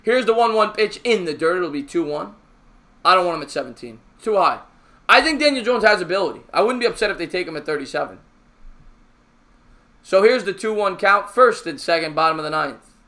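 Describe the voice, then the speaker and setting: A high-voiced man with a forceful, tense edge calls a ballgame pitch by pitch as a fan on a live stream. He chats with viewers between pitches and gets loud and excitable when a play breaks open. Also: a little fast. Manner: excitable, raising his voice on big plays; chatty, answers viewer comments between pitches.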